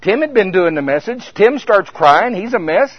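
A man preaching at a conference as a minister, telling stories that swing between hushed and loud. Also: high-pitched, very animated, normal speed, breathy edge. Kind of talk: conference sermon. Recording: dull lo-fi sound.

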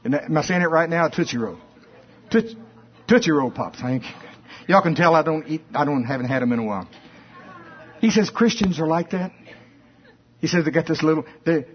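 A man preaching a folksy, animated sermon that rises to shouts at its peaks. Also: fairly high pitch, husky. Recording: dull lo-fi recording.

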